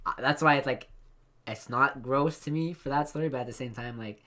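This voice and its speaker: A man's voice: mid-range voice, brisk, sharp tone. A young man in casual podcast chat, spinning long, crude stories full of filler words. He keeps breaking into laughter as he tells them. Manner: rambling, profane storyteller who laughs through his own stories. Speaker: podcast co-host.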